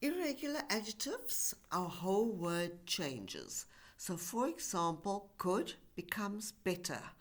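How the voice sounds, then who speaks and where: A woman's voice: lowish voice, lively intonation, takes it slowly. A woman teaching English grammar in a recorded lesson, speaking carefully and stretching out example words. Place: university e-learning course.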